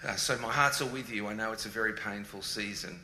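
Aussie guy on stage, teasing and animated, echoey hall, faint hiss. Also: fairly low pitch, fast. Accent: Australian. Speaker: guest speaker. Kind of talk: joking stage chat.

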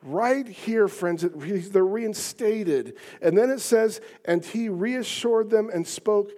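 Pastor, male, high-pitched, emphatic sermon delivery with rising rhetorical peaks. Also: expressive, takes it slowly, hardly any pauses. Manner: emphatic, rhetorical questions, rising to near shouts.

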